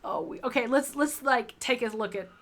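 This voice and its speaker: An excitable woman streaming a story game, chatting fast and reacting loudly to what she sees. Her voice sits fairly high. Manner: excitable, chatty, quick to laugh. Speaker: streamer reading a visual novel. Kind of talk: casual live-stream commentary.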